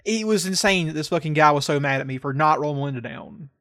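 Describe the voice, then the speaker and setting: A man's voice: fairly high pitch, lively intonation, fast talker, a bit bright. A young man from the United States co-hosting a casual podcast chat, ranting sarcastically and swearing often. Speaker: podcast co-host.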